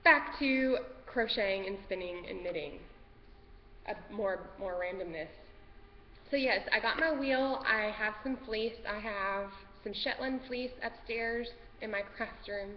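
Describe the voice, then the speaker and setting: A woman's voice: mid-range voice, unhurried. A woman hosting a casual craft podcast from home, nervous and rambling, easily sidetracked. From Texas. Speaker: podcast host. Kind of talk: casual craft vlog chat. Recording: dull lo-fi sound with long reverb and faint noise.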